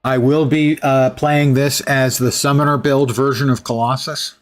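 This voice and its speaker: A man's voice: mid-range voice, level tone, moderate pace. A man streaming a video game and talking through it casually, musing aloud, correcting himself and dropping dry asides. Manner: musing, self-correcting, drily humorous. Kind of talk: casual gameplay commentary.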